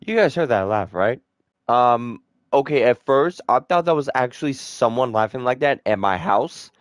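A man's voice: mid-range voice, lively intonation, normal speed, no echo, studio quality. Swearing, joking male game streamer. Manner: swears a lot, jokes, sudden loud whoops. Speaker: gameplay streamer. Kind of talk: casual let's-play commentary.

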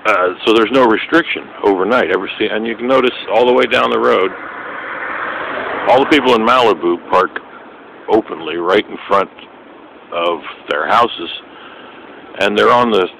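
A man's voice: fairly low pitch, normal speed, creaky, long pauses. Indignant man ranting by a noisy road. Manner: indignant, profane, rambling with restarts. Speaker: vlogger filming his own complaint. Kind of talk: angry rambling monologue. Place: outdoors by the roadside at his parked car.

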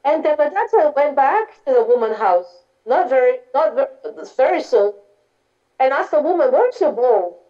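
A woman's voice: high-pitched, animated, moderate pace. A woman, a Buddhist nun, giving a dharma talk, telling stories informally with simple grammar and many restarts. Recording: dull lo-fi recording.

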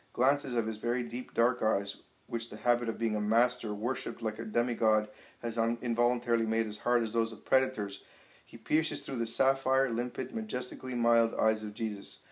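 A man reads a book aloud at a measured pace, now and then tripping over a word. His voice sits at a middling pitch. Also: poor audio. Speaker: narrator.

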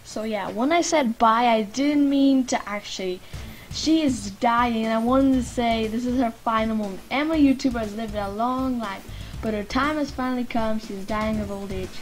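This gaming YouTuber from Lithuania speaks with a Lithuanian accent at a moderate pace and a somewhat high pitch. She gives chatty commentary on a life-sim game, addressing the characters, sometimes muttering and sometimes protesting loudly over faint game music.

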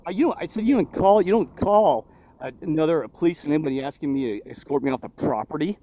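A man's voice: fairly high pitch, animated, fast. A man vlogging outdoors near a road, indignant and preachy, firing off rhetorical questions. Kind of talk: agitated street vlog monologue. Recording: dull lo-fi phone audio, faint traffic.

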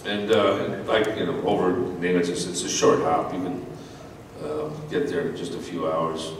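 A man's voice: deep voice, normal speed, slight background noise. Rambling American man, echoey hall. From United States. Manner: rambling, animated anecdote with laughs and restarts. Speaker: convention guest actor. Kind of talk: storytelling Q&A on a panel. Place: large convention hall. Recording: echoey hall audio from far off.

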